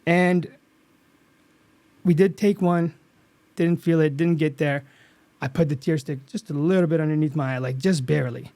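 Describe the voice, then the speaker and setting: A man speaking in a slightly raised register, earnest and animated as he recounts a story from a set. He restarts his sentences often as the feeling catches up with him. The sound is dry and close, like a podcast mic with no room around it. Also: fairly high pitch, normal speed, long pauses, dry recording. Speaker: actor guest. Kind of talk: casual interview storytelling.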